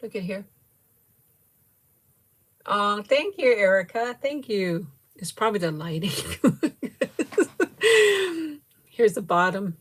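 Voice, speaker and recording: A middle-aged livestream host takes it slowly, pausing often, her medium-pitched, slightly rough voice swinging widely in pitch. She tastes a sweet during casual chat, giggling frequently and gushing thanks to viewers by name.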